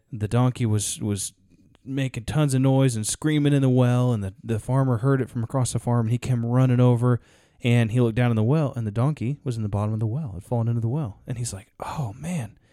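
Man on a podcast, rambling storyteller, mellow dark voice, dry close sound. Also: medium pitch, steady tone, dry recording. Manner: rambling, halting, with frequent restarts. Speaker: podcast co-host. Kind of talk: casual podcast talk, storytelling.

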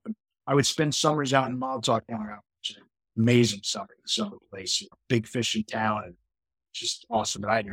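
A man's voice: mid-range voice, a bit bright, slightly rough, no room sound, low-quality recording. A middle-aged man from New York, a podcast guest, telling a personal story in a casual, rambling way with lots of restarts. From New York, USA. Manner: conversational, frequent restarts and "you know" fillers.

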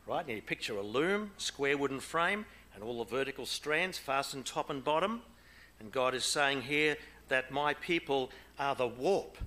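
A man preaching a sermon with a bright, forceful voice. He puts questions to his listeners and swings between hushed, almost whispered lines and loud calls. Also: mid-range voice. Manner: animated, swings between soft near-whispers and loud exclamations; asks the congregation questions.

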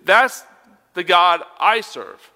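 A man's voice: high-pitched, very animated, slow pace, sharp tone, big-room sound. A young man preaching a sermon as a youth pastor, conversational and emphatic, asking rhetorical questions.

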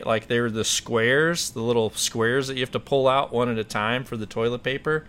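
A man's voice: mid-range voice, fairly even intonation, moderate pace, a bit bright, clear, resonant tone. A man hosting a podcast, telling a story in a rambling, self-correcting way. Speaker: podcast host. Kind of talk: casual storytelling chat.

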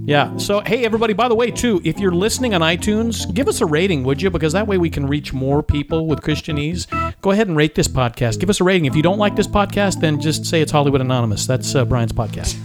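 An upbeat man co-hosts a casual podcast. His voice sits a bit higher than most men's. He keeps the talk friendly and encouraging. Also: animated, fast talker, over music. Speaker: podcast co-host. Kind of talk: casual chat.

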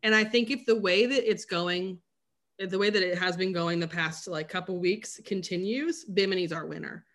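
A bright, crisp-sounding voice talks in a loose, casual chat. The speech is full of fillers and offhand swearing, in the tone of an easygoing co-host. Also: medium pitch, normal speed. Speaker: podcast co-host.

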